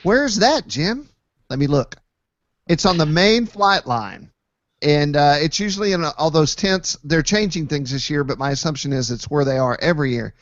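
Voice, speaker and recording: Male host, easygoing rambling banter, raised pitch; dry, muffled lo-fi sound. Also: expressive, normal speed, no room sound. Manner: joking, rambling, many fillers. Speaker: podcast host. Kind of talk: casual chat. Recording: dull lo-fi dry recording.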